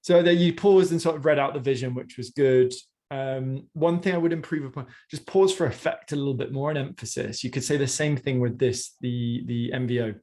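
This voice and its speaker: Male coach, mid-pitch, gives chatty encouraging feedback in a one-on-one session. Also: fairly quick, warm tone. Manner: encouraging, conversational, many fillers.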